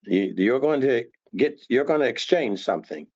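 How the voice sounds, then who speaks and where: A man teaching scripture conversationally, animated and acting out tones of voice to make his points. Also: medium pitch, normal speed, husky, muffled recording. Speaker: Bible teacher.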